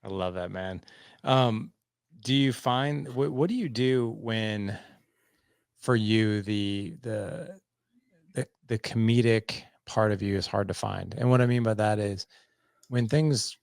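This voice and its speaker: A man hosting a podcast, chatting in a relaxed, rambling way and often saying "man". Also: lowish voice, slow, gravelly, clean tone, dry recording, studio quality. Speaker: podcast host. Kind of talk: casual interview chat.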